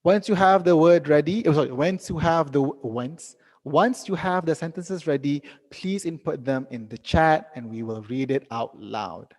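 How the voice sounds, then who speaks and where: A young man teaching a live online English lesson, reading out students' sentences and correcting them gently. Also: on the high side, normal speed, long reverb tail.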